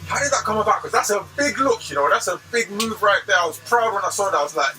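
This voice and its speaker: A man's voice: high voice, animated, fast, sharp tone, faint music behind. A man hosting a casual interview in a barber shop, asking questions and backing the guest up often. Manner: frequent affirming backchannels. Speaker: host barber.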